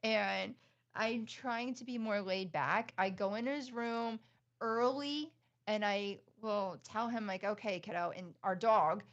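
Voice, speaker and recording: A woman's voice: mid-range voice, dull audio. A middle-aged woman co-hosting a podcast in casual chat, upbeat and chatty, laughing often. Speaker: podcast co-host.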